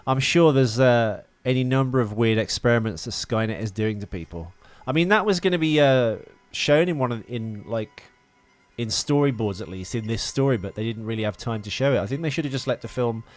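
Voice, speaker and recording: A man's voice: mid-range voice, a little fast, dry recording. Rambling man chatting about films. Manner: rambling, hesitant, lots of uh and restarts. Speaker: podcast co-host. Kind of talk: casual film chat.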